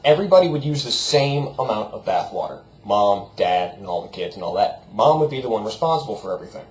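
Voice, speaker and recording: A man's voice: on the low side, big pitch swings, fast talker. A young man vlogging from his room at the computer, chatting in a jokey, rambling, off-the-cuff way. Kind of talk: rambling casual vlog. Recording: roomy echo, faint background noise.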